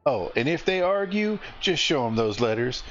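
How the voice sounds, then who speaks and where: A man's voice: mid-range voice, sing-song, moderate pace, highs cut off, slight background noise, pitched above the performer's own voice, natural voice. A man putting on a hearty Southern innkeeper woman. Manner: drawling, hearty, generous.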